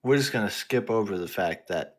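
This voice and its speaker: A man's voice: fairly low pitch, expressive, fairly quick. A man co-hosting a wrestling podcast in laid-back, slangy casual chat. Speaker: podcast co-host.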